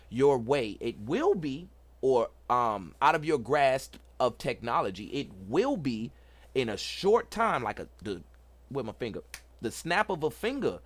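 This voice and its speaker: A middle-aged man hosts a casual livestream tech talk. He is excited and preachy, repeats himself and talks to the chat. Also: on the high side. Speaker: host.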